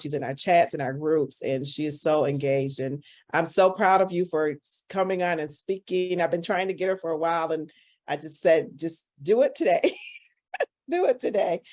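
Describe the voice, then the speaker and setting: A woman on a casual group call, speaking warmly and emotionally. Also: sits low. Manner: warm, emotional, praising. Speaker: event host.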